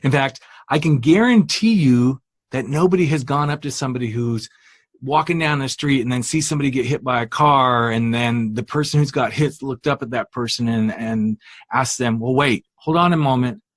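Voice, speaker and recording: A man's voice: mid-range voice, normal speed, no room sound. A man hosting a podcast, delivering an impassioned solo rant full of emphatic rhetorical questions. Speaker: podcast host.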